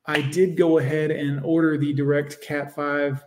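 A man hosts a live stream, commenting on a video as it plays. His voice sits a little high, and he is blunt and sarcastic as he speaks to his chat. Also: little pitch movement, moderate pace, a little mellow. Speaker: streamer host.

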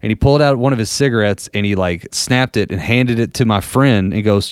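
Smooth-voiced man telling rambling stories. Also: lowish voice, fairly quick, no echo, studio quality. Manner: rambling, profane, laughing at his own stories. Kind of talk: casual storytelling chat.

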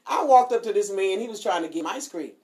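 A woman's voice: mid-range voice, expressive, a little fast, a little mellow. Sassy, laughing woman radio host. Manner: sassy, laughing, preachy asides. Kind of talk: casual radio chat.

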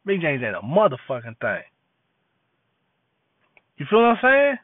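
A man's voice: fairly high pitch, huge pitch swings, a little slow, dry recording. Preachy man on a tinny line. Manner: preachy, repetitive, street slang. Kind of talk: impassioned monologue. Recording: tinny phone-like dry audio.

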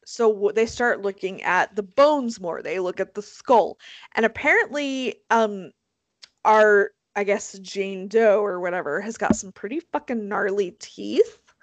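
A woman hosting a casual podcast chat, animated and swearing freely, with lots of fillers. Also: mid-range voice, a little slow, no echo. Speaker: podcast host.

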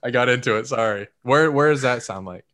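A man's voice: mid-range voice, a little fast, fairly bright tone. A young American man with an American accent, chatting casually and joking around. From United States. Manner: joking, laughing often. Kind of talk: casual chat.

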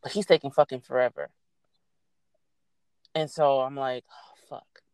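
A young adult woman casually telling a story, animated and swearing freely as she acts out what people said. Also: a bass voice, normal speed, clear, resonant tone, no echo.

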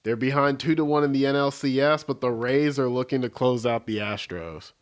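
Dude hosting a podcast, chill and jokey, lots of likes and ums. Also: male voice, medium pitch, fairly quick. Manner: laid-back, jokey, rambling with fillers. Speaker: podcast host. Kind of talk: casual chat.

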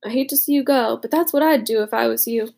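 A woman voicing a rough, blunt teenage boy soldier, once a bully, in an audiobook. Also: fairly high pitch, fast talker, darkish tone. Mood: warm.

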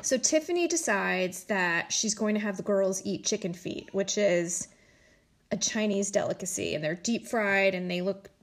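Woman, casual recap host, animated gossipy storyteller with mock voices. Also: medium pitch, moderate pace. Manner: animated storytelling, acts out quotes in exaggerated voices; chatty, heavy use of "like" and "you know". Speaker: reality TV recapper. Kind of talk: casual chat.

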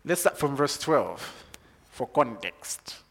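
A man from Zambia preaching a sermon, moving from calm teaching to loud, excited preaching. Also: medium pitch, takes it slowly, gravelly, big-room sound.

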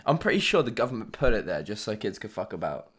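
A young man chatting on his podcast in a lowish voice. He rambles through stories with lots of "like" and "mate", laughing as he goes and swearing freely. His talk is loose and casual. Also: very animated, fast, a bit bright, breathy edge. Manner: laughing, sweary storyteller, full of fillers. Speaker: podcast host. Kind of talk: casual chat.

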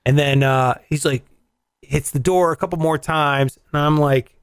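A man hosting a show, telling a story in casual, profane, animated chat and acting out the voices in it. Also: a little high, normal speed, clean tone, dry recording. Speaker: radio show host. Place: in Las Vegas.

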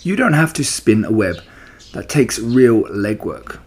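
A man voicing a wise, patient female spider who speaks calmly and precisely in a storybook reading. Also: mid-range voice, measured pace, husky. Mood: teasing.

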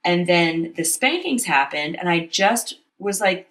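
A woman co-hosting a candid conversation, talking openly about her own experiences in a lively, storytelling way. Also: on the low side, a little slow. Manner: open, confessional, animated storytelling. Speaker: podcast co-host. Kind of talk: candid casual chat.

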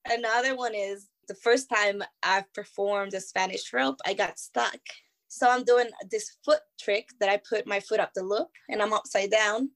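A woman in her twenties from Venezuela, a guest telling animated stories in casual chat. She acts out her own past lines and keeps calling the listener "girl". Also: mid-range voice, moderate pace. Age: 20s. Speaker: guest, circus performer.

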